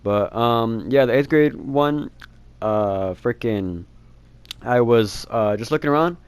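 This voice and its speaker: A man's voice: medium pitch, slow, clean tone, no echo. A teenage boy telling a rambling storytime, laughing and swearing casually. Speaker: vlogger.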